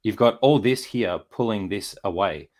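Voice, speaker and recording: Very deep-voiced man rambling casually. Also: normal speed. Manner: rambling, many fillers and restarts. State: recovering from a chest infection. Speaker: host. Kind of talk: casual chat while posing a figure.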